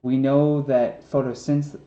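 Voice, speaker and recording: A man's voice: mid-range voice, flat delivery, slow, warm tone. A man in his twenties as a podcast guest, telling rambling stories with lots of fillers, who has trouble with his s sounds. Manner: rambling, filler-heavy storytelling. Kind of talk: casual chat. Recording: roomy, dull lo-fi sound with faint noise.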